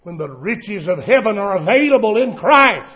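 A male pastor preaching a sermon, emphatic and drawn out, with the Bible quotes shouted. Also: high voice, sing-song, moderate pace, muffled recording.

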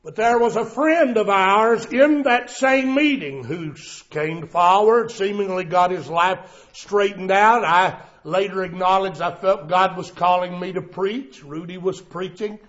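High-voiced preacher, slow and dramatic. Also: male voice, dull audio. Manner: dramatic, swings from shouts to hushed tones. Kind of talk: sermon.

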